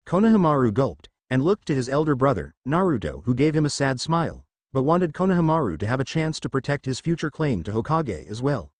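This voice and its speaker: A man's voice: mid-range voice, very animated, fairly quick, darkish tone, dry recording. A man reading a fan fiction story aloud as narrator.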